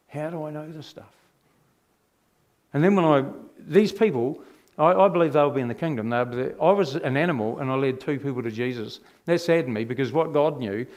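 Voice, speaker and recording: A middle-aged man tells his own life story as a testimony. He speaks in an animated way and often turns to the audience with rhetorical questions. His voice sits at an ordinary male pitch. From New Zealand.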